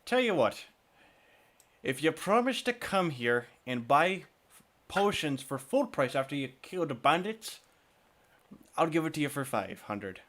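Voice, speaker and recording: A man voicing a teasing, gruff male shopkeeper who haggles with customers. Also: a little high, sing-song, measured pace, pauses often, a bit bright. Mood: haggling.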